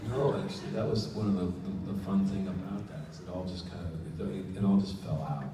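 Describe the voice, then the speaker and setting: A man's voice: deep voice, a little fast, a loud crowd. An American man answering fan questions at a convention panel, telling stories casually and acting out quotes with jokes. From United States. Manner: relaxed, joking, acts out quotes. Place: large convention hall. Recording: echoey hall, distant mic, noisy.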